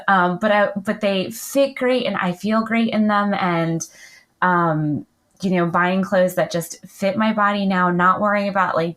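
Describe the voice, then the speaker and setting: A woman's voice: mid-range voice, animated, unhurried, fairly bright tone. A middle-aged woman talking casually as an interview guest, chatty with many fillers and frequent light laughs. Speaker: podcast guest, client.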